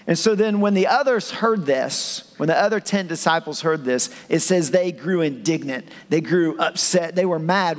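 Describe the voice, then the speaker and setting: A man's voice: on the high side, expressive, moderate pace. A male pastor preaching a sermon in a humorous, conversational way, acting out the scenes he retells. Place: church auditorium. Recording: echoey church hall.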